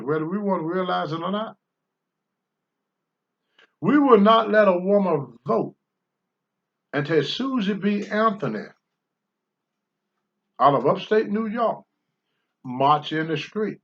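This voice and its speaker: Older guy telling it straight, swears a lot, high lively voice, muffled lo-fi sound. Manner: blunt, profane, emphatic. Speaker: guest, former pro wrestler. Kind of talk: candid talk-show storytelling. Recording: dull lo-fi sound.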